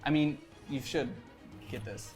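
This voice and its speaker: A man's voice: medium pitch, measured pace, darkish tone, faint music behind. A man running a tabletop game as game master, narrating scenes in an easygoing way and often laughing.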